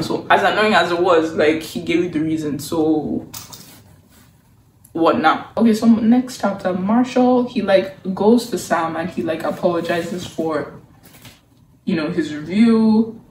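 A woman's voice: fairly low pitch, a little slow. Woman, young adult, chatty, exasperated webtoon recap, roomy echo, faint background hiss. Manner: chatty, exasperated, sarcastic, heavy on "like". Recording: roomy sound from a distance.

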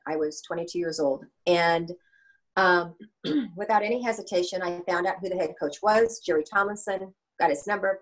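A woman's voice: on the low side, rough recording. A woman in her sixties, a gymnastics coach and author, telling anecdotes in an interview and acting out the dialogue. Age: 60s. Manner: animated, anecdotal, acts out dialogue. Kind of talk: storytelling interview answer.

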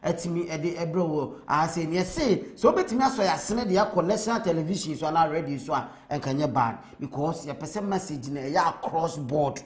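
A man's voice: on the high side, lively intonation, normal speed, hardly any pauses, reverberant. A Ghanaian man hosting a live show, speaking earnestly and urging listeners to speak up for change. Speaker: host. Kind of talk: talk-show monologue.

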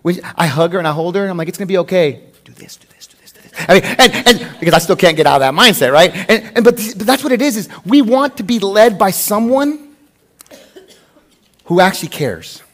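A pastor, an adult man with a wife, preaches a sermon that blends scripture reading with conversational, humorous personal stories told in an animated way. His voice is high and fairly quick.

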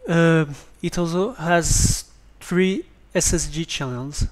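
A man with a French accent giving a hesitant spoken tutorial on a basic microphone, pausing often with ums and restarts. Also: on the high side. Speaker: tutorial presenter.

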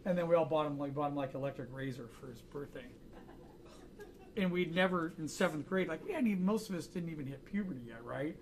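A man's voice: on the high side, fast talker, a little hiss or hum. A man teaching a drawing class, chatting casually and joking through anecdotes in front of students. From United States. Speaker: art instructor.

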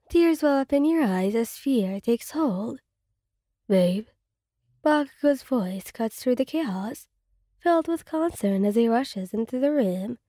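Woman with a mellow voice reading an ASMR fanfic. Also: a little high, no room sound, clean studio sound. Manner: calm, even storytelling in second person. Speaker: fanfic narrator.

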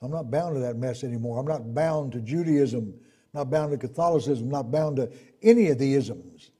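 A man preaching a sermon, swinging between loud emphatic points and low asides, acting out the people he quotes. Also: moderate pace, slightly rough.

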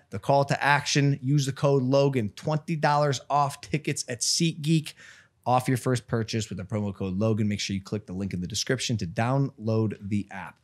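A man reading a sponsor advertisement in a brisk announcer manner. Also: medium pitch. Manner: mock-formal announcer opening. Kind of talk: read advertisement.

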